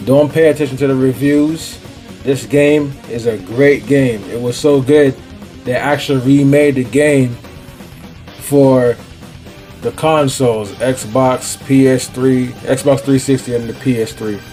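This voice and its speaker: A man's voice: mid-range voice, fairly even intonation, unhurried, dark tone, faint music behind. A man with a Jamaican accent, chatting casually as host of his own gaming vlog in a laid-back, slangy way. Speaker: gaming YouTuber.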